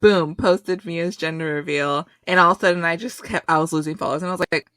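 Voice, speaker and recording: A woman's voice: fairly low pitch, fairly even intonation, fast, a bit bright, no echo. A young woman co-hosting a podcast, chatting casually with lots of fillers and bursts of indignation. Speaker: podcast co-host. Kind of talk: casual chat.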